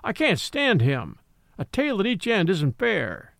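A man's voice: high voice, huge pitch swings, measured pace, creaky, fairly bright tone, no room sound, heavily acted. A man voicing a proud troop horse from a storybook, who talks in a haughty, dry way. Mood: wry. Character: proud Australian troop horse, touchy about breeding.

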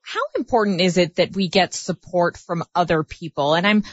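A woman's voice: lowish voice, steady tone, moderate pace, dry recording. A woman interviewer asking a guest inquisitive questions. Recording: dull lo-fi sound.

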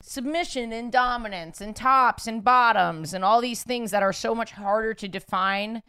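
A woman's voice: fairly high pitch, normal speed, pushed and bright, clear, resonant tone, no echo, studio quality. A woman hosting a podcast, curious and playful, asking questions in loose, casual chat. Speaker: podcast host.

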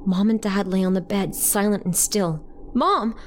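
A woman narrating a horror story in the first person with a measured, dramatic delivery. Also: mid-range voice, steady tone, mellow, a little hiss or hum.

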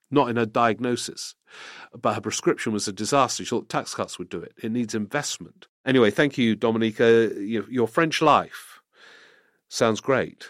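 A man's voice: medium pitch, no echo, studio quality. A middle-aged man hosting a political podcast, answering listener questions in casual commentary and thinking aloud with restarts.

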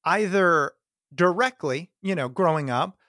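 Podcast host guy, kinda high voice, asks curious questions, dry mic. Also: a little slow, sharp tone, no echo. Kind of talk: interview questions.

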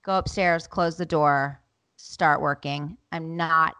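A bright, forceful woman co-host in her thirties tells a story with lots of fillers and acted-out voices. The recording is close and dry. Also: deep voice, slow, clean tone, dry recording. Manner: animated, acts out quoted voices, lots of fillers. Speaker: podcast co-host. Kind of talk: casual chat, storytelling.

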